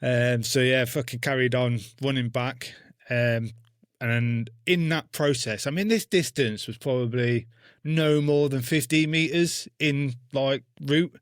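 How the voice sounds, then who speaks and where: A man, an army veteran being interviewed, telling a war story bluntly with constant swearing and dark humour. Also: mid-range voice, fairly even intonation, measured pace, no echo, clean studio sound. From England.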